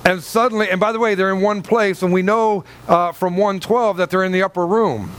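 A man's voice: sits high, fairly even intonation, fairly quick, a bit bright, clean tone. A male pastor preaching to a congregation, reading scripture and telling a story, repeating himself and asking 'Amen?' and 'Okay?'. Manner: rambling, repeats and restarts, checks in with the congregation. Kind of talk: sermon with Bible reading and anecdote.

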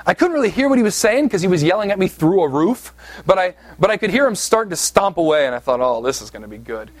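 A pastor from southeast Pennsylvania preaches a sermon, his high-pitched voice lively in intonation and quick in pace, with no room sound. He tells a personal story conversationally and pokes fun at himself, often tossing in "right?" asides.

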